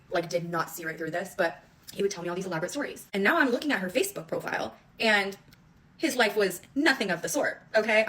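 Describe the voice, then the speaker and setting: A woman's voice: on the low side, a bit bright, poor audio. A young woman in casual storytime, chatty and blunt, often checking in with the listener with asides. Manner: fast, chatty, swearing, frequent "okay?" asides. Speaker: TikTok storyteller.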